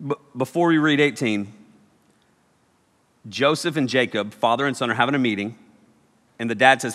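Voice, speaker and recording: A man preaching a sermon as a youth pastor, telling the story in an animated, joking way. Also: mid-range voice, moderate pace, pauses often. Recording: echoey hall.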